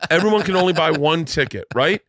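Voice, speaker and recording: A middle-aged man hosting a podcast, telling stories in a loose, profane, animated way and acting out the people in them. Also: on the high side, fast, no echo, studio quality. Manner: profane, animated, acts out other people in the story. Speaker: podcast host. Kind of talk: casual comedic storytelling.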